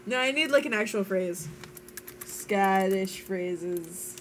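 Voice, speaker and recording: Slow-talking, giggly tired woman streamer. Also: medium pitch, lively intonation, slight background noise, rough recording. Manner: giggly, laughs through her words. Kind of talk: casual chat while streaming a game.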